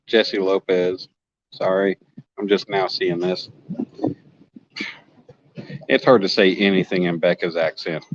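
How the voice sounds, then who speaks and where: A man's voice: low-pitched, fairly even intonation, slow pace, pauses often, no room sound, dull audio. A man from Oklahoma chatting casually on a fishing livestream outdoors, reading comments and joking with viewers. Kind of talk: casual live-stream chat reading comments. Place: outdoors at a lake bank.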